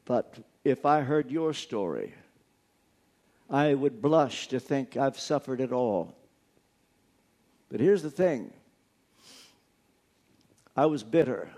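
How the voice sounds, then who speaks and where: A man's voice: medium pitch, very animated, takes it slowly, pauses often, darkish tone. A man preaching a sermon, telling a personal story earnestly and stressing key words through repetition. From United States.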